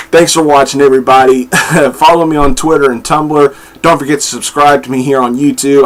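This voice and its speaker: A man giving a casual comic book review, enthusiastic and swearing freely, acting out the dialogue he quotes. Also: a little high.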